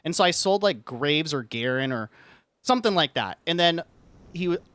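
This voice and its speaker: A male live streamer who rambles through a story in casual chat, packing nearly every phrase with "like." His voice sits a little high for a man. It is recorded dry and close, with no room echo. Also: expressive, normal speed, a bit bright. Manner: rambling, says "like" constantly; frustrated ranting.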